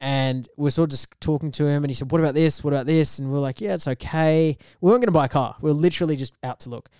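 Fast-talking young man telling a story. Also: on the high side, clean tone, no echo, clean studio sound. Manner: animated storyteller, acts out quoted voices. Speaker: podcast co-host. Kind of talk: casual storytelling chat.

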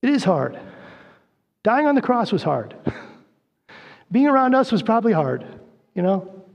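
A man preaching a sermon as a guest speaker, telling stories with lively acted-out quotes and speaking straight to the congregation. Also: high voice, a little slow, gravelly, lo-fi sound. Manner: animated storytelling preacher, acts out voices in quotes. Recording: reverberant church hall.

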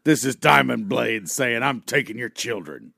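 A man voicing a brash, boastful male pro wrestler who delivers slow, shouted promos in a gravelly voice. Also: medium pitch, lively intonation, no echo, studio quality, pitched below the performer's own voice, full character voice. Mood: menacing.

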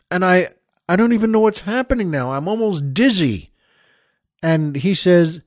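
Exasperated high-voiced man telling a story. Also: lively intonation, unhurried, dry recording, studio quality. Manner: exasperated, digressive, incredulous. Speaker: podcast host. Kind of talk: comic storytelling monologue.

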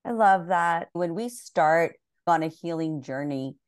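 A woman guest on a podcast, speaking gently and reflectively and laughing easily. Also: fairly low pitch, animated, unhurried, smooth, dry recording, studio quality. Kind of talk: conversational podcast talk.

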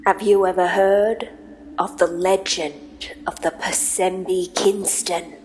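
A woman in a comedy show, telling a spooky legend in a hushed, dramatic way. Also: lowish voice, level tone, slow pace, a little hiss or hum, rough recording. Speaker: comedy podcast host. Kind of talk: comic storytelling.

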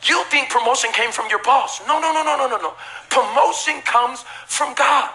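A man preaching a sermon as pastor to a live church congregation, emphatic and repetitive with bursts of shouting and casual joking asides. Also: very high voice, normal speed.

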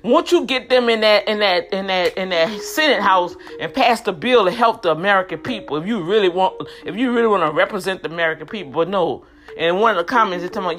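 A woman's voice: mid-range voice, expressive, fairly quick, a bit bright, soft background music. A woman in her fifties giving heated, indignant commentary straight to her viewers, often repeating words as she gets worked up. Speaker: vlogger.

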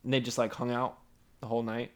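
A man's voice: mid-range voice, little pitch movement, quick pace. A man in a casual chat with friends, retelling and prompting old stories with plenty of swearing. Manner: chatty, profane, prompts and retells shared stories.

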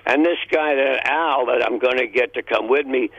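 Gravelly older New man, rambling. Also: medium pitch, moderate pace, fairly bright tone, no room sound, highs cut off. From New York. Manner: rambling, laughing storyteller. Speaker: regular caller. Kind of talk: casual radio call-in chat.

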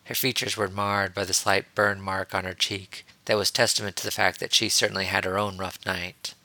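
A man reading a story aloud as narrator, in a steady, even storytelling manner. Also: lowish voice, dry recording. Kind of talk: audiobook reading of fan fiction.

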